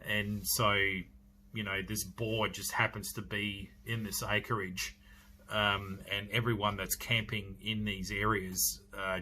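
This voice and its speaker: A man with an Australian accent talks through a horror film review in a loose, rambling way, full of fillers and restarts. His voice is low-pitched but bright and forward, with a faint ambient hiss behind him. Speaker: podcast host reviewing films. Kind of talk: casual solo review.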